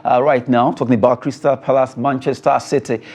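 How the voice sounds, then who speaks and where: A man's voice: medium pitch, level tone, a little fast, a little mellow. Chatty Nigerian male sports show host. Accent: Nigerian English. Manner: chatty, laughs with callers, hesitant fillers. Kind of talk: radio phone-in presenting.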